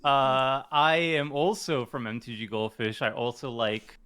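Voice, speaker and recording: A man from Canada, a player on the stream, joking in a deadpan way. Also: mid-range voice, unhurried, smooth. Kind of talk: casual stream chat.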